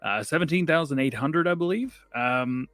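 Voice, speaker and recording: A man's voice: on the high side, animated, moderate pace, a bit bright, no echo, soft background music. Chatty rambling man on a podcast. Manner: chatty, rambling, laughs often. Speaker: podcast co-host. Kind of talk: casual gaming podcast chat.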